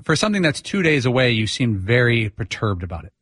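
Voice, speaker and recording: A man on a sports talk show crew, weighing in with halting, hesitant casual talk. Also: mid-range voice, sing-song, a bit bright, breathy edge, no room sound, studio quality. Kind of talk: casual radio show banter.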